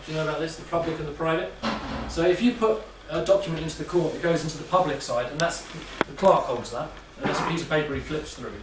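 A man's voice: fairly high pitch, quick pace, hardly any pauses. A man speaking to a live audience in a chatty, rambling way, often checking in with "yeah?". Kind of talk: casual talk to a live audience. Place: room with an audience. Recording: echoey room, distant mic, faint noise.

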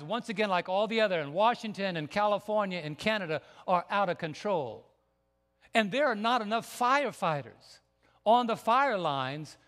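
A man preaching a sermon as pastor, emphatic and building to near shouts. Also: high voice, expressive, brisk. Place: church sanctuary. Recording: long church hall reverb.

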